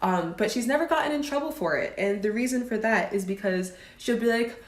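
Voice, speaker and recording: A woman's voice: medium pitch, animated, a little fast. A chatty woman in her twenties answers viewer comments on a casual live stream. She talks loosely and leans on "um" and "like" between thoughts. Her voice sits in a roomy space with noticeable echo. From United States. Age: 20s. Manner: chatty, fillers like "um" and "like".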